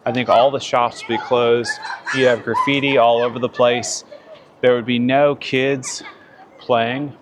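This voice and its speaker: A relaxed man from the United States makes observations as he walks city streets at night. His voice sits in a mid pitch, and loud traffic noise runs behind him. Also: a little slow. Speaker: guest vlogger. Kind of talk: casual walk-and-talk vlog. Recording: noisy outdoor street.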